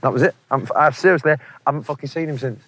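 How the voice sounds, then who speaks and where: A man's voice: on the high side, fast, a bit bright, a little hiss or hum. Mancunian musician in his forties, swearing and laughing through anecdotes, faint ambience behind. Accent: Manchester. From England. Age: 40s. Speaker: interview guest, musician. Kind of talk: casual storytelling interview.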